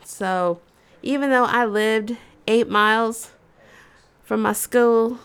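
A woman in her fifties hosting a show, telling a comic personal story in an animated, dramatic, conversational way. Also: on the high side, takes it slowly, clean tone. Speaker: storyteller host.

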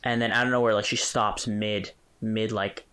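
A man co-hosting a casual podcast, telling an animated story and chuckling as he goes. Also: lowish voice, normal speed, clean tone. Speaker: podcast co-host. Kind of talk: casual chat.

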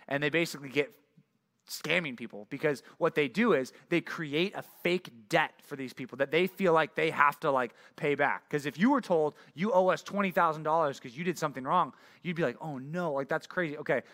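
A man's voice: on the high side, bright, forceful tone. A young male pastor giving a casual, conversational sermon, telling stories with lots of fillers. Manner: conversational, filler-heavy storytelling.

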